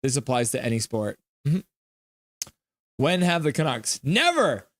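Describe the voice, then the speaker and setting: A man's voice: medium pitch, animated, unhurried, dry recording. A man streaming a live hockey game reaction, reading chat messages aloud and teasing viewers in a playful, jokey way.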